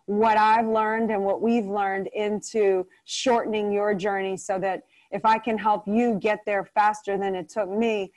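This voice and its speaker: A woman guest in an interview, telling a story with lively acted-out quotes. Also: medium pitch, unhurried, few pauses, low-quality recording. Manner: animated storyteller acting out quotes.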